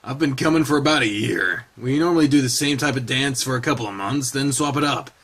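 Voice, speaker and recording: A man voicing a polite, gentle young male wolf who speaks softly and courteously. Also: mid-range voice, fairly quick. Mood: friendly. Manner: soft-spoken, courteous.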